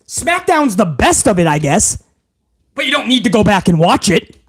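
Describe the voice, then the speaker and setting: A man's voice: high voice, very animated, normal speed, husky. A man hosting a wrestling vlog, ranting in heated, profane commentary.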